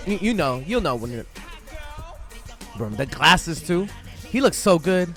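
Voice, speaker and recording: A man hosting a reaction video, hyped up and talking excitedly, often shouting and singing along. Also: a little high, unhurried. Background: faint concert music.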